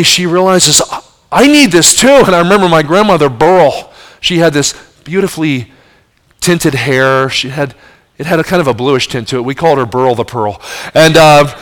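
A man in his fifties with a New Jersey accent, preaching a sermon and telling his own story, swinging from loud emphatic questions to soft, hushed passages. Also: a little high. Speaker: pastor.

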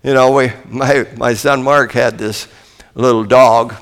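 An older man preaching a folksy sermon, telling stories and swinging between booming and hushed delivery. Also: steady tone, unhurried, in a large hall.

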